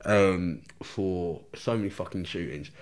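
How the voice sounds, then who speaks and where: A man's voice: deep voice, unhurried, a little hiss or hum. Swearing man telling a story. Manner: swears constantly, laughs through his own story. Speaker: podcast guest. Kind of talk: casual storytelling.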